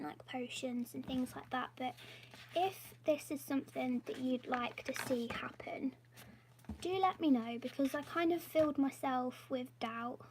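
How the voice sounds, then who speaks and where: A woman's voice: sits high, background noise. A woman live-streaming from her home office, chatting in a rambling, self-deprecating way, often dropping to a half-whisper. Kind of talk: casual live-stream chat.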